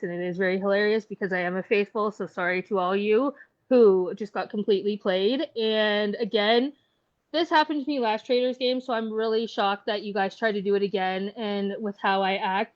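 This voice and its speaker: After being voted out, a woman contestant gives a defiant, emotional speech, upset and fighting back tears as she swears and defends herself. Her voice is mid-range and the sound is lo-fi.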